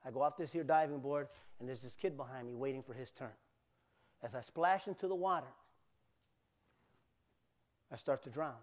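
A male pastor in a church delivers a sermon built around a personal story, acting out cries with animation and tossing asides to the congregation. His pitch is medium, his pace moderate, and he leaves long pauses.

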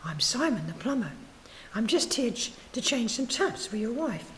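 A woman's voice: fairly high pitch, sing-song, moderate pace, a little hiss or hum, poor audio. A woman voicing a kind male plumber who speaks politely and with concern.

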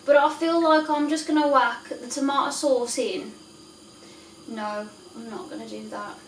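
A woman's voice: high-pitched, fairly even intonation, unhurried, slight background noise. A woman chatting casually and mocking herself as she cooks in her home kitchen, recorded on a camera set back across the room. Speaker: home cooking vlogger. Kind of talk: casual cooking vlog chat. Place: home kitchen with boiling pots. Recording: echoey kitchen from a distance.

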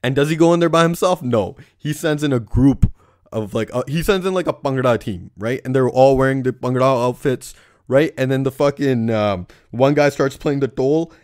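A man's voice: medium pitch, normal speed, darkish tone, no room sound. Young man, profane comedic rant, keeps saying "right?", dry close sound. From Surrey, British Columbia. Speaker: comedic movie reviewer.

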